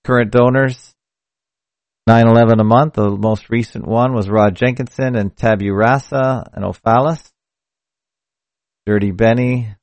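This podcast host talks unhurriedly on a casual solo stream, leaving long pauses and correcting himself often as he rambles. His medium-pitched voice has a darkish tone and fairly even intonation. The mic goes through a hardware audio box, with no room sound audible.

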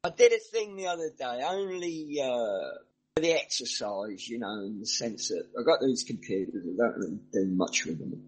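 Husky, rambling Englishman in middle age. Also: medium pitch, animated, normal speed, poor audio. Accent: mixed northern and southern English. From English Midlands. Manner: rambling, chatty storytelling with asides. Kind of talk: casual chat.

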